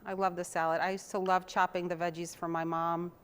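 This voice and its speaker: A woman's voice: fairly low pitch, flat delivery, brisk, clean tone. Chatty woman hosting a home cooking show. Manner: chatty and homey, talks to viewers while chopping. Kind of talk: casual cooking demonstration.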